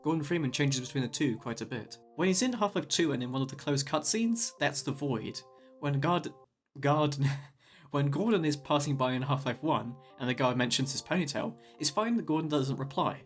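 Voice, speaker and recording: A man's voice: a little high, animated, moderate pace, faint music behind. Wry man narrating a video essay. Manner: wry, jokey asides.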